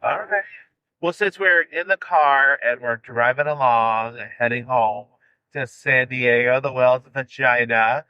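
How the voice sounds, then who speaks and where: A man's voice: mid-range voice, clear, resonant tone, dry recording, muffled recording. A man co-hosting a podcast from a car, joking and steering the chat. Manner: joking, quick to laugh. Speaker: podcast co-host. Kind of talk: casual chat.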